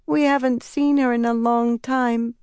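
A woman's voice: fairly high pitch, little pitch movement, unhurried, darkish tone, clear, resonant tone, no room sound, voice pushed up, lightly acted. A woman voicing a weak, sickly little boy who speaks faintly.

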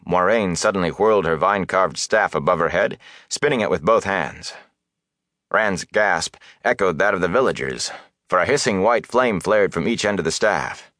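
A man narrating an audiobook in an expressive, dramatic reading. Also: deep voice, no echo, clean studio sound. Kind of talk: scripted narration.

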